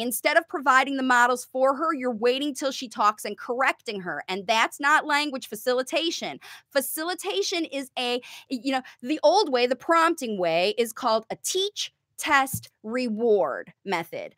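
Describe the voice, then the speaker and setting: A woman's voice: high voice, sing-song, a little slow, pushed and bright, dry recording, studio quality. A woman coaching parents on how to help their child learn to talk, teaching emphatically and answering viewer questions. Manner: emphatic, demonstrates sing-song parent talk. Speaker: parent coach, speech facilitation.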